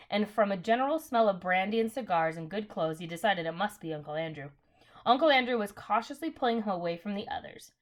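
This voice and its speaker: A woman's voice: mid-range voice, lively intonation, fast talker. A woman reading a children's novel aloud in a casual way, correcting her slips and adding apologetic asides. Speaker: reader.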